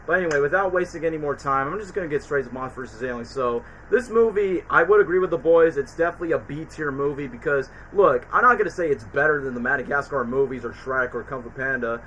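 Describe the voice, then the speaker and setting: A man's voice: fairly high pitch, quick pace, few pauses, fairly bright tone, a little hiss or hum, poor audio. A man hosting a casual stream chat, rambling with lots of fillers. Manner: rambling, quotes movie lines in put-on voices, many fillers. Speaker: streamer host.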